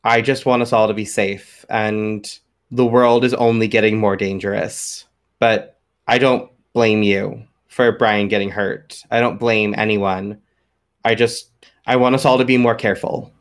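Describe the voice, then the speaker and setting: A man's voice: lowish voice, steady tone, a little slow. A man voicing Lighthammer, an earnest young male superhero leader in a tabletop game. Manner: earnest, softening into apology.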